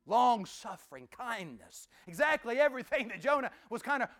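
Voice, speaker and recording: A man preaching a sermon in a folksy, conversational way, swinging from loud emphatic bursts to hushed near-whispers. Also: very high voice, big pitch swings, moderate pace. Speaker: pastor.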